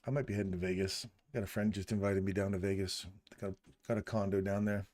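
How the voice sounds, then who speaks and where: A man's voice: low voice, flat delivery, fast, a little mellow. A middle-aged man hosting a live stream, chatting casually in a jokey, rambling, self-deprecating way. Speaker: livestream host.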